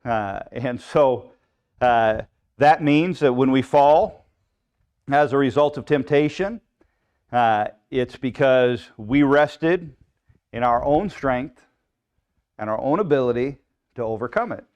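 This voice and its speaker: A man's voice: medium pitch, slow, long pauses, darkish tone. A male pastor teaching a live Bible study in a conversational preaching style, often checking in with "right?" and acting out people's inner voices.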